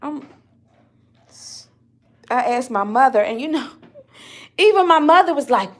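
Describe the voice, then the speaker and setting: A woman's voice: on the high side, expressive, slow, pauses often. A woman talking in an upset, rambling vlog, often stopping and restarting her sentences. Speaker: vlogger. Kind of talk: emotional personal vlog.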